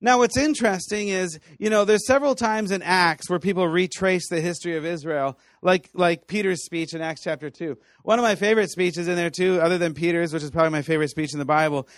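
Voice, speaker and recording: A man with a fairly high voice teaches scripture to a room of students, animated and playful. He acts out the people in his stories and laughs often. The sound is dry and close. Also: fast talker, hardly any pauses, dry recording. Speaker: Bible teacher. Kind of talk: lively teaching talk to students.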